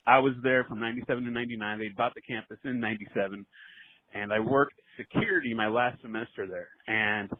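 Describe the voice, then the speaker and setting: Caller, man in his forties, earnest halting storyteller, tinny phone line. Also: mid-range voice. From Southern California. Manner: earnest, halting, many fillers. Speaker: voicemail caller. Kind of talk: storytelling voicemail.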